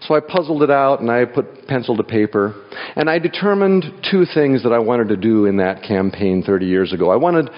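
A man's voice: medium pitch, animated, a little fast. A man giving a sermon as a guest speaker in church, telling personal stories and jokes and reading scripture aloud. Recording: dull sound in a hall with long reverb.

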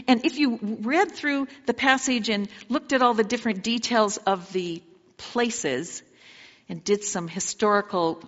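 A woman's voice: a little high, fairly bright tone, in a large hall, highs cut off. A woman preaching a sermon, retelling the story dramatically and asking her listeners direct questions.

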